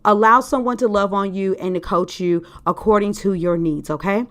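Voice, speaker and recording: A woman's voice: medium pitch, normal speed, fairly bright tone. A woman hosting a podcast as a sales coach, talking casually and emphatically straight to her listeners.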